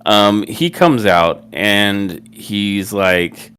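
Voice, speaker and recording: Male podcast co-host, casual chat, animated storytelling, smooth clear voice. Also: on the low side, unhurried. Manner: animated storytelling, acts out quotes.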